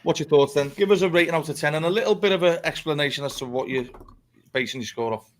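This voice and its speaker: A man's voice: a little high, fast. A man hosting a live football fan show, chatty and laughing, swearing freely as he talks. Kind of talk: casual live-stream chat.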